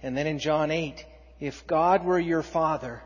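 A man preaching a sermon, reading scripture aloud with rising force and dropping to quiet emphasis. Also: a little high, measured pace. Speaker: pastor. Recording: dull, muffled sound in a long-reverb hall.

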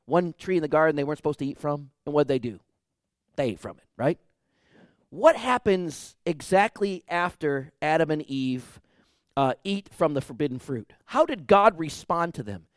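A man preaching a sermon as pastor, emphatic, swinging between loud declarations and hushed, quiet lines. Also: on the high side, expressive, normal speed, no echo, studio quality.

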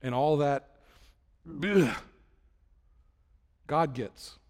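A man's voice: a little high, normal speed, long reverb tail. A man preaching a sermon in a conversational way, acting out prayers and imagined talks with God. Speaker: pastor.

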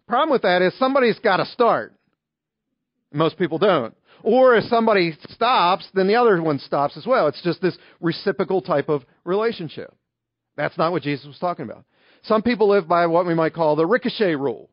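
A man preaching a sermon in a relaxed, conversational way, telling everyday stories to make his points. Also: high-pitched, a little fast, no room sound, highs cut off. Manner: conversational, illustrative storytelling. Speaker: pastor.

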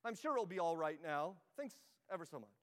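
A man's voice: a little high, very animated, fairly quick, a bit bright. A man reading aloud as a dithering male ghost who hedges and makes polite excuses, with a long hall reverb behind him. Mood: evasive. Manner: hedging, evasive, politely flustered.

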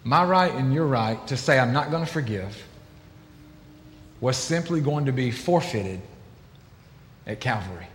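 A middle-aged man, a pastor, preaching a sermon in an animated, emphatic way, acting out quotes in different voices. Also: mid-range voice, unhurried, pauses often, a little hiss or hum. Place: large church hall. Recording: echoey hall with long reverb.

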